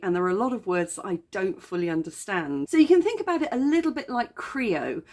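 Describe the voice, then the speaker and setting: A woman's voice: medium pitch, a little mellow. An English woman chatting about books in a casual explanatory way, with frequent ums and self-corrections. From England. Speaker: book vlogger.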